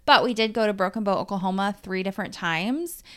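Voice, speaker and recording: Candid, chatty woman with a smooth voice. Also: medium pitch. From Dallas-Fort Worth, Texas. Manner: chatty, candid, swearing freely, quickening and slowing as she tells a story. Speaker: life coach and podcast host. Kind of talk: casual solo podcast monologue.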